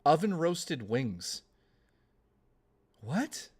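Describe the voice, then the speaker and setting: A man's voice: a little high, very animated, darkish tone, husky. A man chatting casually on a live stream, thanking viewers and rambling into profane rants. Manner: rambling, profane, quick to rant. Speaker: livestreamer.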